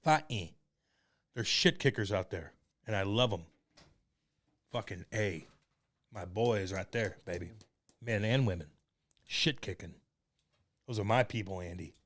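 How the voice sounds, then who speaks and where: A man's voice: fairly low pitch, a little slow, pauses often. A man co-hosting a podcast, swearing constantly and telling stories in rowdy casual banter. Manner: profane, loud, doing mocking impressions. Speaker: podcast co-host.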